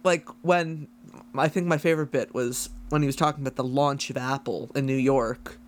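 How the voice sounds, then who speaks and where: A man's voice: mid-range voice, fairly even intonation, moderate pace, a little hiss or hum. A man co-hosting a casual chat podcast, making dry joking asides. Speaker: podcast co-host.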